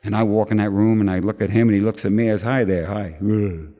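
A man's voice: fairly low pitch, level tone, very fast. A middle-aged man tells his recovery story to a crowd, acting out the voices of other people as he goes. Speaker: recovery meeting speaker. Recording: dull lo-fi recording with long hall reverb.

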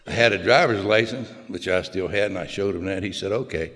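Speaking a little fast, this older man recounts his personal story in a plain, folksy manner and pokes fun at himself. His voice is low and a bit bright. There's long hall reverb on the recording.

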